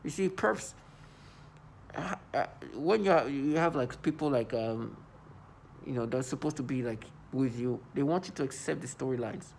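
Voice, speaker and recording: A man's voice: medium pitch, normal speed, gravelly, darkish tone, slight background noise. A man talking to the camera in an agitated monologue, often stammering and repeating words. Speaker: vlogger.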